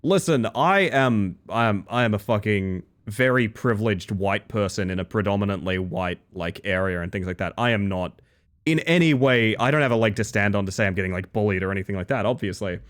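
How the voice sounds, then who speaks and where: A man's voice: fairly low pitch, a little fast, a bit bright. A young Australian man chatting casually on a game stream, reading chat messages and rambling with restarts.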